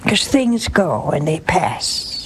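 A woman's voice: low-pitched, big pitch swings, slow, rough recording. An older woman hosts a religious call-in show in a motherly, reassuring way. She calls her callers honey and sweetheart while she counsels them. A faint hiss sits under her voice. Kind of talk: gentle spiritual counsel to callers.

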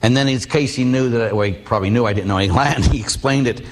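A man's voice: medium pitch, rapid-fire. A middle-aged man, a Catholic priest, preaching a sermon, telling personal stories and asking the audience questions. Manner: storytelling, rhetorical questions to the audience. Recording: long hall reverb.

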